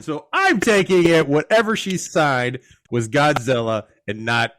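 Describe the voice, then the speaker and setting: Man, podcast co-host, lively swooping pitch, profane, dry close mic. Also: measured pace, few pauses, no room sound. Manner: animated, profane, quotes scenes in put-on voices. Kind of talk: casual movie banter.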